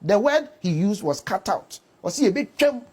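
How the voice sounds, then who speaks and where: A woman's voice: mid-range voice, very animated, normal speed, a little mellow, slightly rough. A woman with a Ghanaian English accent, arguing hard on a political panel, lecturing and repeating words for emphasis. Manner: combative, lecturing, emphatic repetition. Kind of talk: heated political debate.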